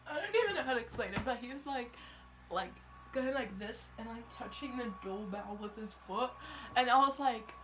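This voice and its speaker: In a noisy setting, a teen vlogger with a Kiwi accent tells a story in a fairly high voice at a fairly quick pace. She keeps it chatty, says "like" all the time, and acts out what people said.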